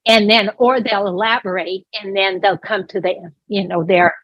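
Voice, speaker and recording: A woman's voice: medium pitch, steady tone, normal speed, no room sound, lo-fi sound. A woman working as a voice interpreter, speaking a sign-language lesson aloud in an explanatory, conversational way with small restarts. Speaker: voice interpreter for a deaf presenter.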